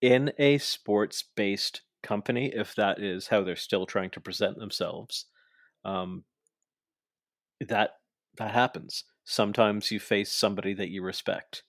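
Young man podcaster, low voice, dry close sound, chatty and animated. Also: measured pace, dry recording. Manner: chatty, animated, acts out quoted lines. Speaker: podcast co-host. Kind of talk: casual wrestling recap chat.

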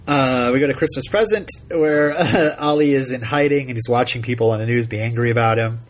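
A man co-hosting a podcast, casually recapping a TV episode in a rambling, halting way full of fillers. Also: medium pitch. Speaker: podcast co-host.

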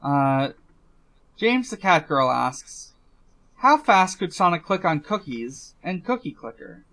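A man in casual podcast chat, talking slowly and unhurriedly, pausing often to hunt for words. His voice sits a little high and sounds bright and forward. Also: very animated. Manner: hesitant, many fillers and restarts. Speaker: podcast co-host.

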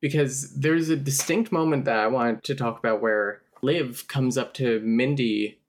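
A woman's voice: very deep voice, a little slow, slight background noise. A woman co-hosting a podcast and discussing a horror film in a chatty, analytical way, with wry asides. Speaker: podcast co-host. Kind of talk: casual film discussion chat.

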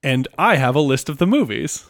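A man's voice: medium pitch, big pitch swings, normal speed, no room sound, clean studio sound. A man co-hosting a casual podcast, teasing his partner with playful, rambling asides. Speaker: podcast co-host.

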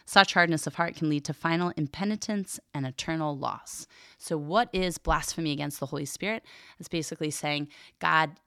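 Female theology teacher and podcast host, earnest and explanatory, voice low with some vocal fry. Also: moderate pace, fairly bright tone, no room sound, studio quality. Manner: earnest teaching with frequent fillers and restarts. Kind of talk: reading and explaining a catechism.

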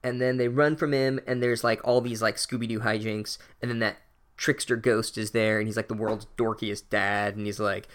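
A man's voice: mid-range voice, fairly even intonation, fairly quick, clear, resonant tone. A man giving a profane, sarcastic comedic recap of a book, ranting in a casual way.

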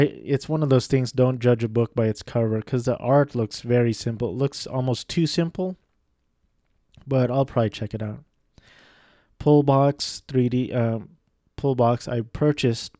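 A man's voice: mid-range voice, dark tone, dry recording, clean studio sound. A young man talking casually on his own, rambling through a list of video games with many ums and restarts, joking at his own expense. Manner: rambling, self-deprecating, many fillers and restarts. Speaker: video game vlogger. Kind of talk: casual monologue listing games.

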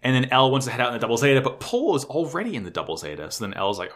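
Man, podcast co-host, casual recap chat, excitable, swears a lot, stammers, very animated pitch. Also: racing. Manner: excitable, swears freely, stammers when unsure.

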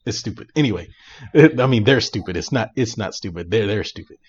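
Excitable low-voiced man, dull sound. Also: brisk, husky. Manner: animated retelling, slangy and excitable. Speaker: podcast co-host reviewing movies. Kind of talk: casual chat.

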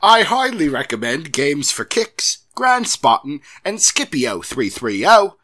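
A man putting on an exaggerated English accent to read out a listener's email, loud and theatrical. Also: fairly high pitch, big pitch swings, measured pace, full character voice. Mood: hammy. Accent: put-on English accent. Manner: exaggerated, loud, stumbling into Australian. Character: mock English gent reading an email.

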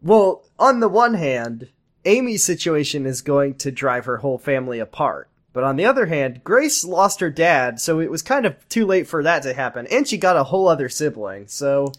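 A man with a fairly high voice co-hosts a casual recap chat. He sums up the plot and drops dry, ironic asides. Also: big pitch swings, normal speed. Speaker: podcast co-host.

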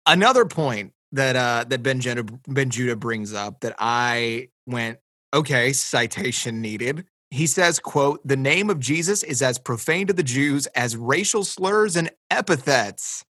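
A man co-hosting a casual book discussion podcast, sarcastic and animated, mocking others in quick put-on quotes. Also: medium pitch, no room sound. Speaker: podcast co-host.

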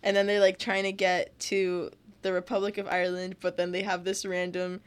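A woman's voice: fairly low pitch, monotone, moderate pace, smooth. A young woman in casual chat, talking about TV shows with many fillers and frequent laughter. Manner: chatty, lots of "like" fillers, laughs often.

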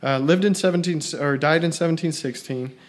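A man's voice: fairly high pitch, brisk. A man hosting a casual chat, quizzing his co-host and teasing him with dry humor.

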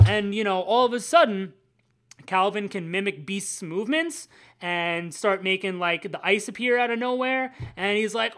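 A woman co-hosts a casual comics podcast, chatting in an animated way. She swears freely and slips into playful voices for the quotes. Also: mid-range voice, normal speed. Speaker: podcast co-host. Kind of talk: casual chat about comics.

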